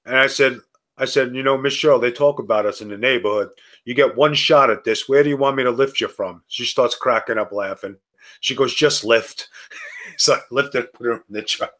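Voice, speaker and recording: A man's voice: moderate pace, fairly bright tone. Emphatic man telling stories. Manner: storytelling, acts out quoted dialogue; emphatic, jumps in pitch when stressing a point. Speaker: guest. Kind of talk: casual podcast conversation.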